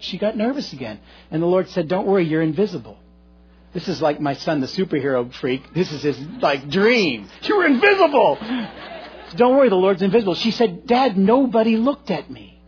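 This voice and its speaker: A middle-aged male pastor preaching a sermon, telling a story earnestly and swinging between loud and hushed delivery. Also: on the high side. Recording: dull lo-fi recording.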